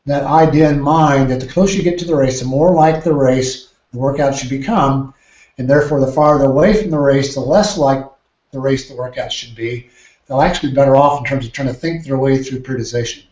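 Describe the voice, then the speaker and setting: A man, a triathlon coach, explaining training ideas in a podcast interview with measured, careful phrasing and frequent restarts. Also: mid-range voice, fairly even intonation, a little mellow. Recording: roomy, dull lo-fi sound.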